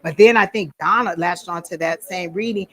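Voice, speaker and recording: A woman's voice: fairly low pitch, moderate pace, a bit bright, poor audio. Woman, casual teaching talk, storytelling, filler ums. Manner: chatty storytelling with frequent ums. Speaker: psychic medium teaching a class.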